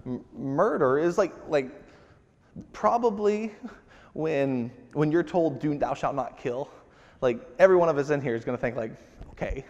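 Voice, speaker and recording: A man preaching a sermon in a relaxed, conversational way, full of fillers and restarts. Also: mid-range voice. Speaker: pastor. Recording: long hall reverb.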